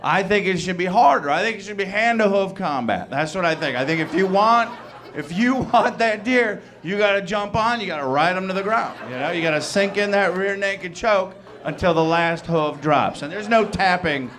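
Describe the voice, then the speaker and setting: A man's voice: high voice, expressive, moderate pace, a bit bright. A man from Wisconsin doing a stand-up comedy set on a club stage, rambling and chuckling at his own jokes as he slips into mock voices.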